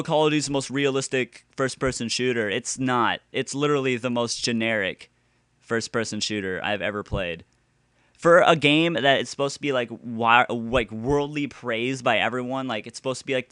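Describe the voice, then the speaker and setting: A man in a profane, exasperated rant, with sudden loud outbursts. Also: medium pitch, clean tone, dry recording, studio quality. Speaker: gaming video ranter.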